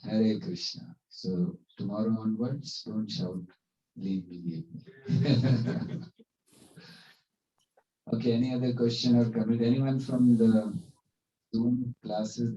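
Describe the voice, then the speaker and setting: A spiritual teacher with a lowish, steady, mellow voice gives a devotional class at a moderate pace, telling stories conversationally with plenty of fillers. The recording sounds echoey, as if captured by a distant, dull mic in a hall.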